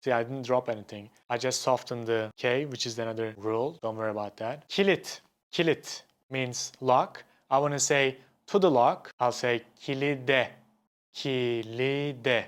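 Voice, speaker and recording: A male language teacher, a native speaker of Turkish, explaining patiently and repeating example words slowly in an online lesson. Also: mid-range voice, fairly even intonation.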